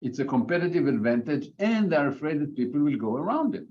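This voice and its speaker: A man's voice: a little high, very animated, quick pace, a little mellow. A man on a panel making emphatic points and repeating words as he builds an argument. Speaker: panel guest. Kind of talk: panel discussion. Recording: dull remote audio with faint noise.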